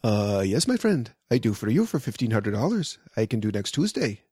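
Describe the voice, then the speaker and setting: A man's voice: lowish voice, very animated, moderate pace, darkish tone, husky, no echo, studio quality. A man putting on a heavy imitated Iranian accent to voice an eager, salesy male electrician. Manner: eager, salesy, repeats "my friend".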